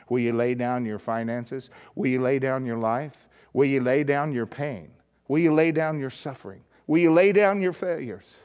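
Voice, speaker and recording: A male pastor preaching a sermon with impassioned, repeated lines and a closing prayer. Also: mid-range voice.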